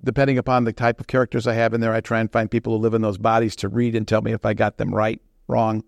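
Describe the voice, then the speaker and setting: A man who writes fiction, giving an informal talk on the writing craft in an unhurried, conversational way. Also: lowish voice, level tone, creaky, no echo, clean studio sound. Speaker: fiction author.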